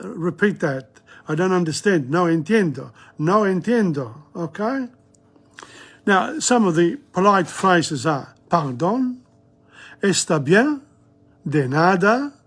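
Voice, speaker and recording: A man's voice: high-pitched, husky. A man teaching a casual video language lesson, rambling a little and repeating each phrase aloud for practice.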